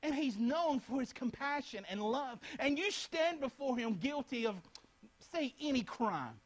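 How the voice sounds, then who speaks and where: A man's voice: extremely high pitch, animated, unhurried, poor audio. A young man preaching a Bible lesson, speaking earnestly and repeating phrases as he addresses his listeners directly. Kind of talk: Bible teaching talk.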